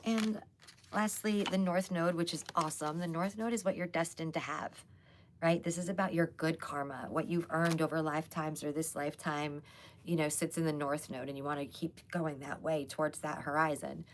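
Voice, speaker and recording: A woman hosting a casual live tarot reading, chatty and loose with lots of fillers, hoarse as she loses her voice. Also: deep voice, fairly even intonation, normal speed, a little hiss or hum. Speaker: psychic tarot reader hosting a live stream.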